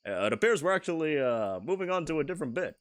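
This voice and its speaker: A man doing an impression of a measured, statesmanlike male president, speaking with a slow, deliberate cadence, long pauses and drawn-out "uh"s. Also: fairly high pitch, big pitch swings. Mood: presidential. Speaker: streamer.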